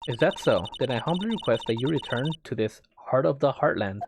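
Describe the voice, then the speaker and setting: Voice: mid-range voice, expressive, brisk, natural voice. A player reading game dialogue aloud, voicing a stern, formal older woman spirit medium over game music. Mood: coldly polite. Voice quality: stiff, overly formal phrasing.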